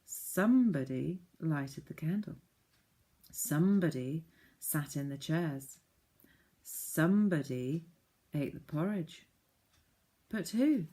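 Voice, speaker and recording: A woman voicing Moonface, a fussy, decisive little man, in a storybook reading, brisk and decided. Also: low-pitched, lively intonation, dark tone, full character voice.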